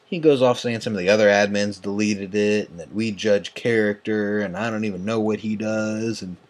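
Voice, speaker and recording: A man's voice: lowish voice, steady tone, normal speed. A young man in a profane, agitated late-night rant, tired and yawning as he talks. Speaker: online tournament host. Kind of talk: ranting vlog.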